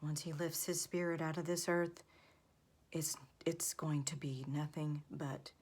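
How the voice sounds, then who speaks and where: A woman's voice: low-pitched, fairly even intonation, a little slow, a little mellow. A woman vlogger in her thirties or forties, earnestly delivering a religious warning, often half-whispering.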